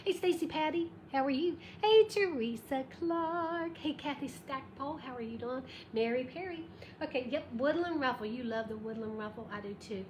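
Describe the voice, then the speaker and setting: This craft livestream host speaks in a high, slightly mellow voice, fairly quickly, greeting viewers by name and counting aloud as she works. The tutorial comes live from her craft shop, an echoey room with background noise, and she stays chatty and bubbly.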